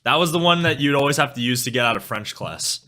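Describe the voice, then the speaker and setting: A man's voice: mid-range voice, animated, fast talker, bright, forceful tone. A young man from western Canada with a Canadian accent, chatting casually and rambling to his live-stream chat. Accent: Canadian English. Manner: rambling, loses train of thought, swears casually. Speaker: music streamer.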